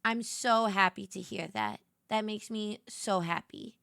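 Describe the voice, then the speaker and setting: A woman's voice: mid-range voice, unhurried, gravelly, fairly bright tone, clear, resonant tone, no echo, clean studio sound. A woman hosting a casual late-night livestream, chatty and giggly, greeting viewers and playfully sassy. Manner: giggly, chatty, reads and answers chat. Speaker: livestream host.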